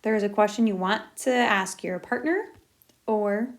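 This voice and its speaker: A woman's voice: mid-range voice, normal speed. A woman teacher walking through a recorded lesson step by step, upbeat and encouraging.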